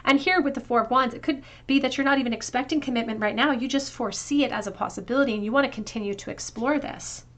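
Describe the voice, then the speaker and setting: A woman doing a pick-a-card tarot reading to camera, talking in a flowing, reflective way and going softer as she pulls cards. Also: fairly high pitch, fast, hardly any pauses. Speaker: tarot reader.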